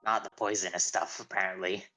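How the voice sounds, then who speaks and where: A woman's voice: rumbling low, fairly even intonation, a little fast, pushed and bright. A woman player in a tabletop game, chatting bluntly and offhand, swearing casually. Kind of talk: casual chat.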